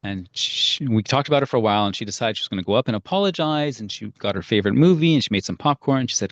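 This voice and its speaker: A man's voice: medium pitch, lively intonation, quick pace, no room sound, dull audio. A man teaching parents a strategy in an earnest, storytelling way. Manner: earnest, storytelling with acted-out quotes. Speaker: parenting coach.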